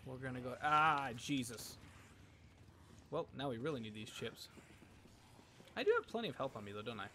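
A man's voice: mid-range voice, lively intonation, moderate pace, pauses often, bright, forceful tone, a little hiss or hum. A young man streaming a video game, chatting casually in a crude, profane, rambling way between jokes and mutters. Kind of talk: casual gameplay commentary.

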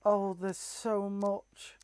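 A woman's voice: mid-range voice, flat delivery, extremely slow, a little mellow, no room sound. A woman hosting a casual let's-play, reacting to the game with frequent squeals and exclamations. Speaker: gaming video host.

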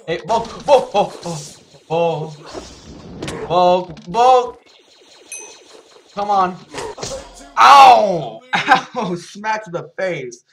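A man giving live gameplay commentary, excitable, repeating words in bursts and yelping when he gets hit. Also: high-pitched, very slow, long pauses, soft background music. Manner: yelps and laughs when hit. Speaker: gaming YouTuber.

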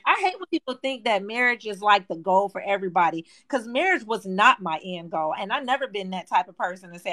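A woman's voice: medium pitch, big pitch swings, brisk, few pauses, bright, forceful tone, dry recording. A woman in her thirties on a livestream panel, earnestly explaining herself with frequent restarts over a video call. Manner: talks in repeated restarts, earnest, self-explaining.

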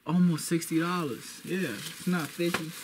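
Talking indoors at home to his camera mic, this young vlogger has a slightly high voice, a fairly even delivery, and a normal speed. He brags and repeats lines for hype over a noisy background.

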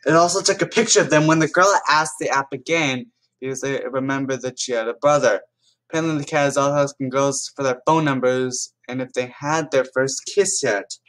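A man's voice: medium pitch, fairly quick, a bit bright. A man giving casual reaction commentary as a YouTuber, chatting to viewers and reading stories aloud with small restarts.

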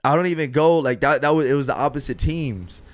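A man's voice: a little high, fairly quick, no room sound. A young man co-hosting a podcast, rambling through a story with restarts and slang. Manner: rambling, restarts, lots of "like" and "bro". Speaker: podcast co-host. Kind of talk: casual chat.

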